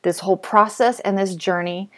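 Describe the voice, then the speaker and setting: A woman's voice: medium pitch, steady tone, normal speed. A woman in her thirties hosting a podcast, speaking about her writing in a heartfelt personal monologue, emotional and grateful, with hesitant restarts. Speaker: podcast host and author.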